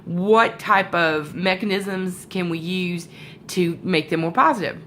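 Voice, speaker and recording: A woman's voice: on the low side, a little slow, fairly bright tone, a little hiss or hum. A woman with a sore throat giving a casual motivational talk to her sales team from home, rambling with fillers and self-corrections.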